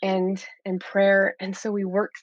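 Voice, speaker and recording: A woman guest on a parenting podcast, talking in a warm, animated way and laughing easily. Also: mid-range voice, measured pace, no room sound, muffled recording. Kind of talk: casual interview chat.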